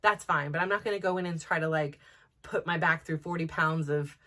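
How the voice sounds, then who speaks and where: A woman's voice: sits low, fairly quick, fairly bright tone. A middle-aged woman hosting a podcast, talking candidly in a rambling, casual way, full of fillers and restarts. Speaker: host. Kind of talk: casual personal chat.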